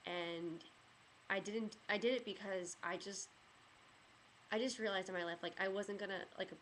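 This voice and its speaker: A woman's voice: mid-range voice, steady tone, moderate pace, fairly bright tone, slight background noise. A young woman in a casual storytelling vlog, rambling with many fillers and getting emotional as she talks. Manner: rambling, heavy use of "like" and "you know"; emotional, gets choked up. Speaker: vlogger.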